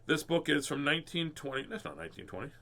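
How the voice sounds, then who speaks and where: A man's voice: fairly high pitch, expressive, fast, vocal fry, pushed and bright. A man hosting a casual live read-aloud of children's books, playful and goofy, often laughing at himself. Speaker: host reading children's books.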